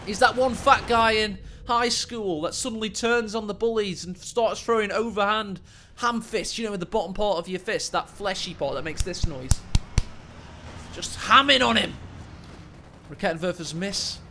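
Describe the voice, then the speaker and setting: A man casting a video game match, joking and rambling and breaking into sudden excited shouts. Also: sits high, moderate pace, a little hiss or hum. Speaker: game caster.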